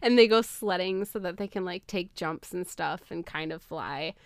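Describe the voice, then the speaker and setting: A woman's voice: fairly low pitch, normal speed, no room sound, studio quality. A woman on a podcast, retelling a film plot in casual chat and laughing often. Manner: animated storytelling, laughs often.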